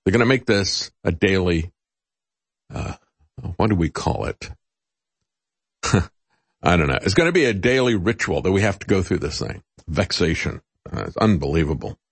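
Husky, animated talk show host. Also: male voice, normal speed, pauses often, dry recording. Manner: sarcastic, mocking voices when quoting others; animated, rising pitch in quotes. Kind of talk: opinionated political commentary.

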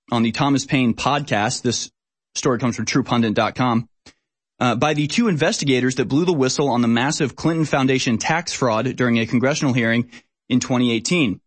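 Male commentary host, mid-pitched, sarcastic and emphatic delivery. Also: no room sound. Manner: sarcastic, emphatic, mocking laughs. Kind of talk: political commentary show.

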